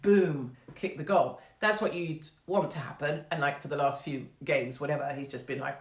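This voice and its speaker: A woman's voice: low-pitched, normal speed, hardly any pauses. An English woman hosting her own online show, talking in a casual monologue and keeping up a brash, sarcastic, profane patter, laughing at her own jokes. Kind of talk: casual monologue on a live stream. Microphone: phone microphone. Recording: roomy echo.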